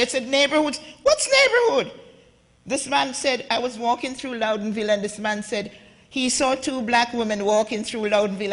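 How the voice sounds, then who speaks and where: A woman from Jamaica with a Jamaican accent, giving an impassioned talk at a conference and speaking straight to the audience. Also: mid-range voice. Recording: echoey hall with long reverb.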